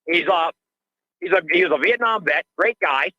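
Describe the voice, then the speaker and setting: Older man, agitated radio caller, bright sharp tone, dry close sound. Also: high voice, lively intonation, normal speed, no room sound. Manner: agitated, ranting, repeats himself. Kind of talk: call-in radio rant. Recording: dull lo-fi call audio.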